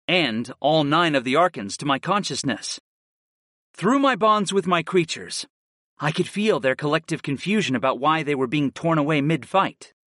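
A man's voice: on the high side, dry recording, clean studio sound. Earnest man narrating a fantasy audiobook. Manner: steady, earnest storytelling. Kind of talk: first-person fantasy narration.

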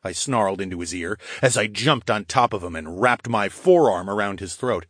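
A man narrating a first-person fantasy audiobook in a gruff, profane, animated way. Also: lowish voice, normal speed, dry recording, studio quality.

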